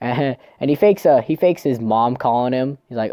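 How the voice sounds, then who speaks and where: A man's voice: mid-range voice, normal speed, dry recording, lo-fi sound. A man casually recapping a manga chapter, rambling, swearing and tripping over his words. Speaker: manga reviewer.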